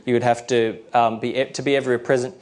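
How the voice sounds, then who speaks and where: Measured middle-aged male preacher. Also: medium pitch, little pitch movement, a little mellow. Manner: slow, careful reading of scripture verses; explanatory, with fillers and restarts. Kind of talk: sermon.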